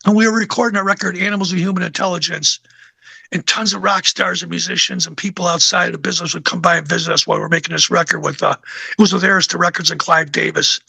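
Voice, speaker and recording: An older male musician tells a long, rambling story with plenty of fillers. His voice sits high for a man, with a bright, gravelly edge. The sound is dry and close. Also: fairly even intonation, fast talker, no echo. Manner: rambling anecdotes with many fillers. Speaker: guest musician. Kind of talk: casual interview storytelling.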